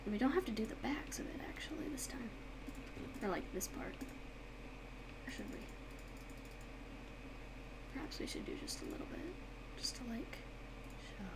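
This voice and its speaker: A woman's voice: a little high, expressive, normal speed, pauses often, in a whisper. A young woman chatting casually while she draws on a stream, reading chat aloud and telling stories with sudden dramatic outbursts. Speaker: art and gaming YouTuber. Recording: faint background noise.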